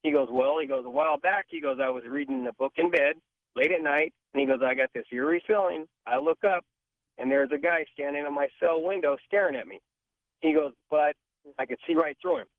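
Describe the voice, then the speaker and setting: Male caller on a tinny phone line, fairly high voice, animated storyteller. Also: fairly quick, no room sound. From California. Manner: animated, acts out quoted voices. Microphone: telephone.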